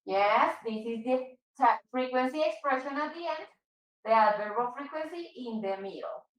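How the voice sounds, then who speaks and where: A patient woman teaching an English class, going over examples and repeating them slowly. Her voice sits high, and the room around her sounds echoey. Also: lively intonation, far from the mic. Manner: patient, repeats and explains slowly, switches into Spanish. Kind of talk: online English class for Spanish speakers.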